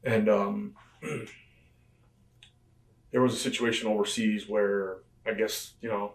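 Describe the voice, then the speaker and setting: Lowish man telling stories in a roomy space. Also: steady tone, slow. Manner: rambling anecdotes with frequent fillers and chuckles. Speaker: interview guest, former pro wrestler. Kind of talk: casual storytelling interview. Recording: roomy and distant from the mic.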